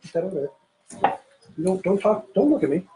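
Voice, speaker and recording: A man's voice: high voice, very animated, a little fast, background noise. A man hosting a casual bartending show, telling a long joke in a rambling, playful way while mixing drinks in a home bar. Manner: rambling, self-interrupting, playful. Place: home pirate-themed bar.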